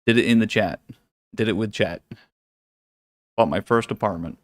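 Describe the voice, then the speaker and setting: A man's voice: fairly low pitch, normal speed, dry recording, clean studio sound. A man hosting a live trading stream from his home office, chatting casually with viewers, swearing freely, laughing often and teasing the chat.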